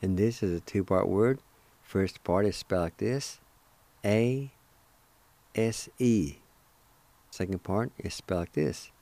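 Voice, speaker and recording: Language teacher, male: low, mellow voice, very slow and careful, dry close recording, spells syllables one at a time. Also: dry recording.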